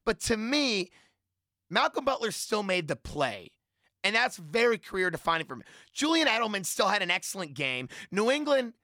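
An emphatic man on a sports panel who drives his point home again and again. His voice is bright and lively, leaping up and down in pitch, and the sound is close and dry. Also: no room sound. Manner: emphatic, repetitive, argumentative. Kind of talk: heated sports debate.

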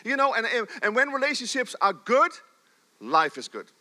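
A middle-aged man preaching a sermon in a church, animated, swinging between loud emphasis and soft, low asides. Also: moderate pace. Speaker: pastor.

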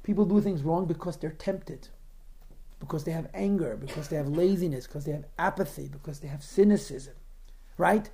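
A man's voice: fairly high pitch, fairly quick, warm tone, slight background noise. A man teaching a class on a religious text, posing rhetorical questions to his students and answering their remarks. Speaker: Torah teacher.

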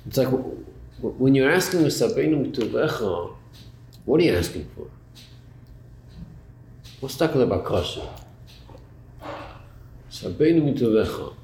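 A man leads a class in a lively, rising-and-falling voice, posing questions and repeating himself as he builds an argument. His voice carries through a roomy space, and a faint hum sits underneath. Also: medium pitch, normal speed, pauses often. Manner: questioning, repeats words, rhetorical back-and-forth. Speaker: Torah teacher. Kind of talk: Talmudic-style class lecture.

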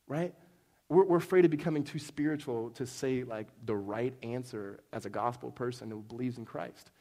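A man's voice: medium pitch, brisk, a little mellow. A middle-aged man preaching a sermon in a casual, conversational way, telling jokey stories and checking in with "right?" asides. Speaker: pastor. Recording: long hall reverb.

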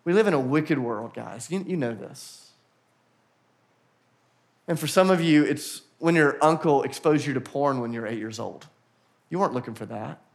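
A man preaching a sermon to a church congregation, earnest and building to animated emphasis, with quick acted-out asides. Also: mid-range voice, creaky. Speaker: pastor. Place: church auditorium.

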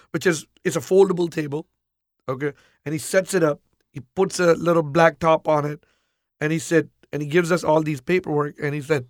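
A man telling a personal story in a casual interview, animated, acting out the people he quotes. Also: a little high, no room sound, clean studio sound.

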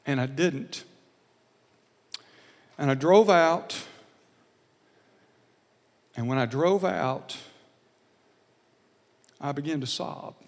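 Earnest preacher man in an echoing hall. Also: a little high. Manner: earnest, confessional, halting with repeated words. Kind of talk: sermon storytelling.

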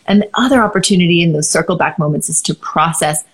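A woman's voice: lowish voice, fast talker, slightly rough. A woman co-hosting a parenting podcast, explaining ideas in a thoughtful, casual advice chat.

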